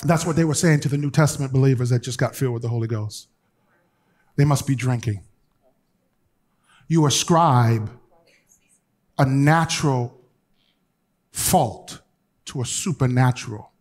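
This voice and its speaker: With a mid-range voice and a measured pace, a man delivers a sermon as bishop, pausing often. His storytelling includes colloquial asides and alternates between loud, animated stretches and soft, hushed pleas to the congregation.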